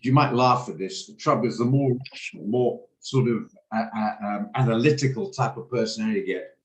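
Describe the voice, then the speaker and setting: A man's voice: mid-range voice, echoey room, rough recording. A middle-aged man hosting a trading room, talking through trades in a chatty, rambling way with many restarts. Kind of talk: casual live trading commentary. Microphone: video call.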